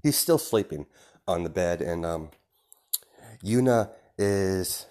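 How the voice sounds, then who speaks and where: A man's voice: low voice, lively intonation, slow pace, a little mellow. A man casually improvising a fan story, rambling with lots of fillers and frequent chuckles.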